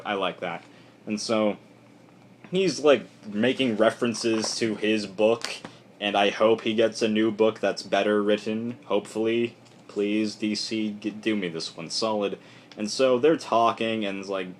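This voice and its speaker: A young man giving a casual, rambling spoken review with frequent fillers and restarts. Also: on the low side. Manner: rambling, loose and offhand, lots of "like" and restarts. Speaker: comic book reviewer.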